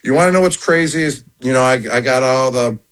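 A man's voice: medium pitch, brisk, a bit bright, low-quality recording. A man in his thirties, a radio show guest in casual chat, laid-back and upbeat, often calling people "man" and "baby".

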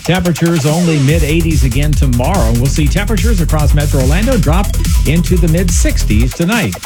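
Weatherman, even broadcast delivery, clear electronic music under the voice. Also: on the high side, fairly quick. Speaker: TV meteorologist. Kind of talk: radio weather forecast.

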